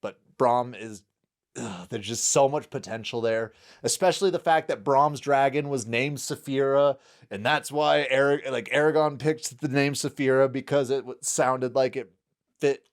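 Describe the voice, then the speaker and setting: A man's voice: medium pitch, moderate pace. A man co-hosting a casual film discussion podcast, enthusiastic, laughing often and acting out quotes. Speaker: podcast co-host.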